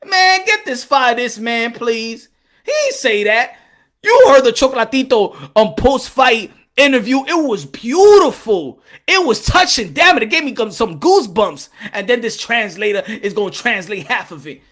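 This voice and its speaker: A man ranting about boxing in an animated, profane style, breaking into hype-man shouts. His voice is high and bright. He laughs often between points. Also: moderate pace. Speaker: boxing vlogger. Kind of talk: animated boxing commentary rant.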